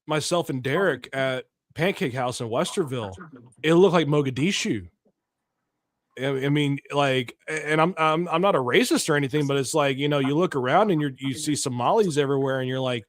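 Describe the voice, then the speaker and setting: A man's voice: on the high side, a little fast, dry recording. Heated, ranting man talk host, dry. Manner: blunt, heated, ranting with frequent restarts. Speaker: political talk show host. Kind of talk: casual opinionated commentary.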